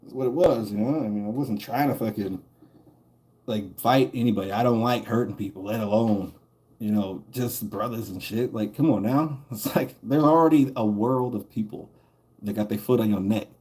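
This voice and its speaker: A man's voice: on the low side, normal speed, darkish tone. A man streaming a game and telling a long, rambling story in casual chat. He swears a lot and often chuckles as he talks. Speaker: gaming streamer.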